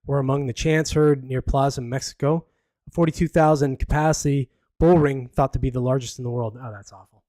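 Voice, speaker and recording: A man's voice: mid-range voice, fast talker, a little mellow, no room sound. Sarcastic man with a dry close sound. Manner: sarcastic, rambling, reads news aloud with asides. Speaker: podcast host. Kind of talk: casual live podcast commentary.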